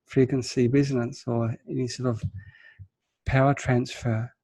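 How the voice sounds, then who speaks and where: A man's voice: mid-range voice, flat delivery, measured pace, mellow, breathy edge, no echo, rough recording. A man with a New Zealand accent hosting an interview, asking long questions politely and encouraging his guest. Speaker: host.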